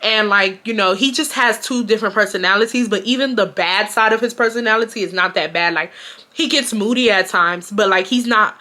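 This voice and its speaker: A woman, telling a storytime vlog in an animated, profane way and acting out the shouting. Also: mid-range voice, a little fast. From Houston, Texas. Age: 20s. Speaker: storytime vlogger. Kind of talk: casual storytelling.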